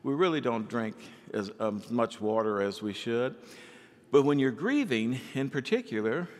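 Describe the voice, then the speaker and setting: A male pastor preaching a sermon in an animated way, acting out the people he quotes. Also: medium pitch, normal speed, big-room sound.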